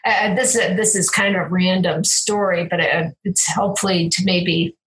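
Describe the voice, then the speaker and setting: A woman's voice: lowish voice, fairly even intonation, moderate pace, fairly bright tone, rough recording. Woman, ex-hospital chaplain, conversational guest; sincere, spiritual, rambling delivery. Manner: earnest, spiritual, meandering with frequent restarts. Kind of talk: casual conversational storytelling.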